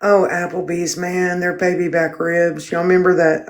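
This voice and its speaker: A woman's voice: fairly low pitch, little pitch movement, moderate pace, hardly any pauses. A middle-aged woman hosting a casual livestream chat, blunt and self-mocking and swearing freely. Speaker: livestream host.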